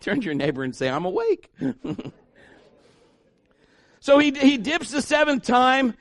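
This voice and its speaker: A male pastor preaching a sermon in an animated, joking way, acting out the voices of the people he talks about. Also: very high-pitched, a little slow, no room sound.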